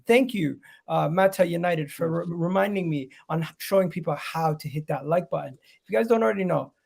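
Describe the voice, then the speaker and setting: A man's voice: high voice, creaky, a little mellow. A man hosting a football podcast, friendly, handing the floor over to his panel. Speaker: host.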